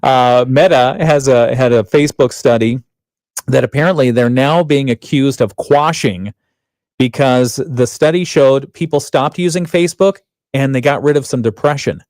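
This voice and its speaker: A man's voice: medium pitch, normal speed, a little mellow, no room sound. A man hosting a radio morning show, chatting and laughing often as he reads out headlines in a studio. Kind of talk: casual radio banter. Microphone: studio microphone.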